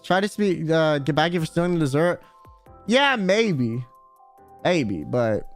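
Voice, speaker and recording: A man with a high voice chats casually on a stream, rambling through a story full of slang and swearing. Soft music plays quietly behind him. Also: big pitch swings, a little slow.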